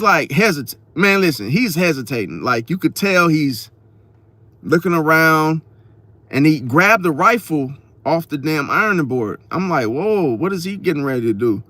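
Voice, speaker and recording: A man telling a story in a casual vlog, slangy and profane, talking straight to his viewers with lively emphasis. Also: fairly high pitch, no echo. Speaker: astrology vlogger.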